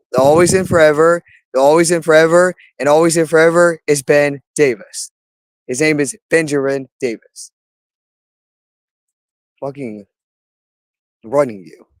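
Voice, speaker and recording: A man's voice: a little high, no echo. A man in an agitated, rambling monologue, cursing often and repeating himself. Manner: agitated, profane, repetitive.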